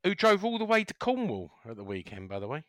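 A man co-hosting a casual podcast, playfully indignant and quick to laugh. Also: fairly high pitch, wildly swooping pitch, a bit bright, dry recording. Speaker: podcast co-host. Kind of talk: casual banter.

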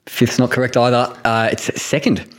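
A man's voice: medium pitch, level tone, normal speed, a bit bright. A man with an Australian accent hosting a podcast quiz, talking casually in a joking, rambling way. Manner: jokey, rambling with many ums.

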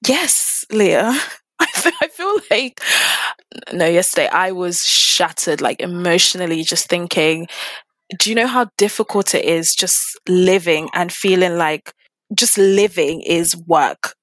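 A woman's voice: on the low side, lively intonation, a bit bright, no room sound. A woman in casual discussion, talking with passion and piling up rhetorical questions. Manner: impassioned, rapid rhetorical questions.

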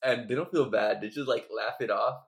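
A man's voice: mid-range voice, normal speed, gravelly. A young man guesting on a podcast, chatting casually, teasing and laughing often. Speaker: guest, roommate. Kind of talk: casual chat.

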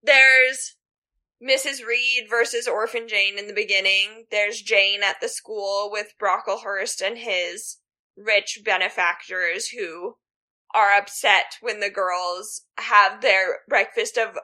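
A woman's voice: medium pitch, fairly even intonation, slow pace, bright, forceful tone. A woman co-hosting a casual book podcast, chatty and full of 'like'. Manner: chatty, many fillers like 'like'. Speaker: podcast co-host.

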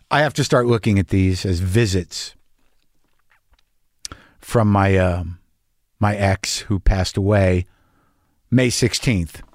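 A man's voice: lowish voice, darkish tone, no room sound, studio quality. A middle-aged man hosting a podcast, rambling and profane, with many restarts. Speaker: podcast host. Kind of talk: casual monologue and interview.

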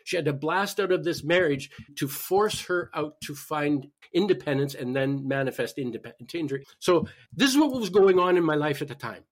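A man, a guest on a talk podcast, telling a personal story in an animated way with frequent restarts. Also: on the high side, normal speed. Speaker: podcast guest, spiritual healer. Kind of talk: personal story told in conversation.

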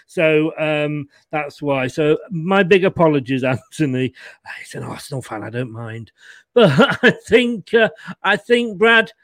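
A man with a high voice hosting a casual football chat in a loose, jokey way. The sound is dry and close, with no room around it. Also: expressive, measured pace, a bit bright, no room sound. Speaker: host.

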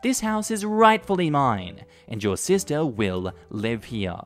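A man's voice: medium pitch, big pitch swings, a little slow, soft background music, voice pushed up. A man voicing a domineering, entitled middle-aged mother in a narrated story, bossy and self-righteous. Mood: commanding.

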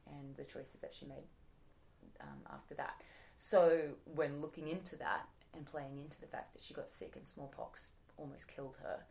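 A gravelly, darkish bass voice belongs to an Australian actress in her thirties chatting casually as an interview guest, with slight background noise present. She fills her talk with fillers and frequently restarts.

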